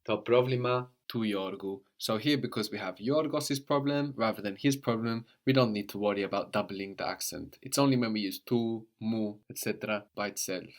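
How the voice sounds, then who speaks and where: A man leads a language lesson in a lowish voice. He explains patiently and keeps prompting his student to answer. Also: moderate pace, few pauses. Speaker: language teacher.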